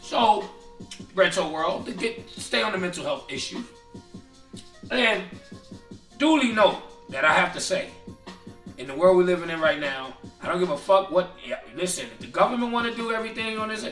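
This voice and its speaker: A man co-hosting a casual chat show, animated and profane, often restarting his sentences. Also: high voice, normal speed, roomy sound, distant mic, faint music behind. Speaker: podcast co-host.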